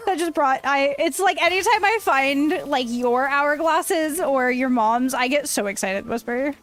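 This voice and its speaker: A woman's voice: high voice, measured pace, fairly bright tone. A woman streamer chatting casually while gaming, bubbly and talkative, answering chat, sounding tired.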